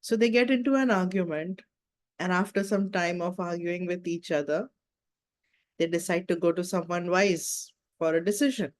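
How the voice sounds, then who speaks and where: A woman hosting a spiritual wellness talk tells a fable and poses reflective questions to the listener. As a meditation talk host, she speaks at a moderate pace in a voice on the low side.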